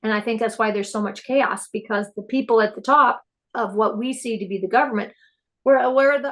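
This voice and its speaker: A woman guest on a podcast, telling personal stories in an excitable, animated way. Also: a little high, a little fast. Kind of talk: casual spiritual interview chat.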